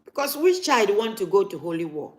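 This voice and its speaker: A woman's voice: mid-range voice, big pitch swings, brisk, a little mellow. A woman, talking casually to camera as a vlogger and repeating her points for emphasis.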